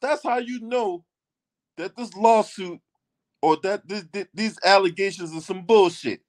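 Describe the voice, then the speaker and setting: A man's voice: high voice, unhurried. A man hosting his own channel, giving a ranting commentary that is emphatic and profane, and repeating lines for stress.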